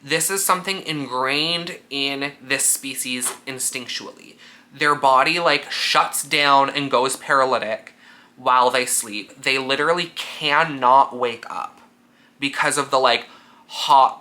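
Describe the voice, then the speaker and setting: A man in a casual reading vlog, talking in a bright, forward tone. He swears freely and fills his talk with fillers. He gushes with feeling, always close to tears. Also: mid-range voice. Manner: animated and sweary, filler-heavy; emotionally gushing, near tears. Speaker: book vlogger.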